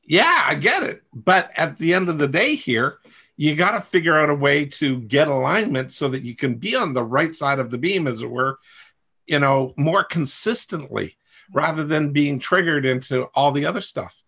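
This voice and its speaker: Male coach-host, gravelly and husky, candid and rambling, self-mocking. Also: a little high, lively intonation, normal speed, pushed and bright. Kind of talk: coaching talk to a group.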